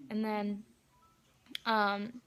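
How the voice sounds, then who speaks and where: A young woman vlogging an excited fan storytime, gushing and full of fillers. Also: mid-range voice, very slow.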